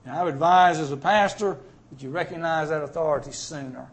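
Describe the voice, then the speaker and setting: A man's voice: on the high side, fairly quick. A man preaching as a pastor, emphatic and folksy, acting out homely stories between scripture readings. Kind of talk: sermon.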